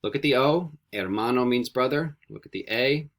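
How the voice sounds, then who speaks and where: A man teaching a Spanish vocabulary lesson, repeating each word slowly and coaxing students with friendly questions. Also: medium pitch. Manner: slow, carefully repeated word drills. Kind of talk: recorded classroom vocabulary lesson.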